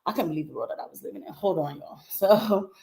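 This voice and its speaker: A woman's voice: on the low side, quick pace, gravelly. Chatty woman hosting a livestream. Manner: chatty, animated, laughs often, many asides to viewers. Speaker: livestream host. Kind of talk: casual political commentary livestream.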